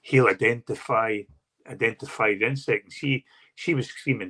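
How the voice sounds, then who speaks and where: A man's voice: mid-range voice, moderate pace, a bit bright, husky. Rambling man telling a work story. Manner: rambling, repeats words and restarts when telling stories. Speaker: pest control expert, guest. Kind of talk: casual storytelling chat.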